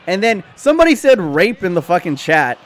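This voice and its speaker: A man's voice: high voice, big pitch swings, fairly quick. A man with an American accent, from Canada, streaming live and ranting profanely at his chat between reactions to a football match.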